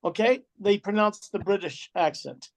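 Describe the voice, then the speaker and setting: A man's voice: high-pitched, moderate pace, a little hiss or hum. A man with a Midwestern US accent who explains things patiently and checks that he is understood, over a video call mic.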